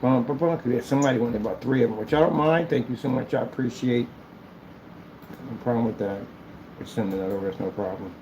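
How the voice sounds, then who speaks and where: A man's voice: medium pitch, fast talker, muffled recording, background noise. A man who runs a small business, talking casually and rambling as he works on a livestream, thinking aloud and mocking his critics. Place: indoor business premises.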